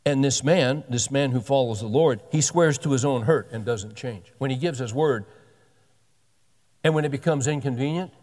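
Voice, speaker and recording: Sixty-something preacher in a reverberant hall. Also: male voice, medium pitch, moderate pace, darkish tone. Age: 60s. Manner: folksy, joking asides, reads scripture aloud with rising emphasis. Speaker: pastor. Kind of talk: sermon.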